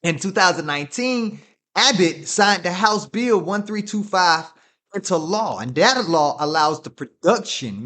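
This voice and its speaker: A man rants on his radio show in an animated, swooping voice that sits a little high. He swears freely and laughs between points in a loose, casual talk style. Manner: profane, laughing, animated ranting.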